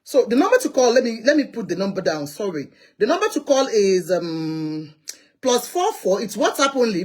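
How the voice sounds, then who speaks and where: A woman, a husky-voiced Nigerian host with a Nigerian accent, who swings her voice up and down as she rants, pleads and chats. She runs a live call-in show from inside a heated car, talking freely and with feeling. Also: medium pitch, moderate pace. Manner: animated, chatty, rants and pleads. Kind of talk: opinionated live social commentary.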